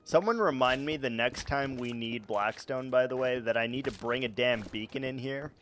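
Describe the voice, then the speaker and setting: A man's voice: medium pitch, moderate pace, fairly bright tone, slight background noise. A young man streaming a game, chatting casually to his chat in a rambling, joking, self-mocking way with frequent chuckles.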